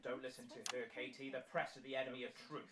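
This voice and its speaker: A woman's voice: extremely low pitch, level tone, quick pace, crowd noise. A voice actor playing a pompous, ranting male conspiracy pundit in a game broadcast.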